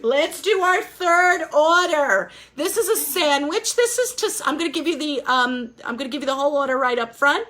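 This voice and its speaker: A woman's voice: high voice, expressive, moderate pace, few pauses, a bit bright. A woman teaching a life skills class over a video call, upbeat and encouraging as she quizzes her students.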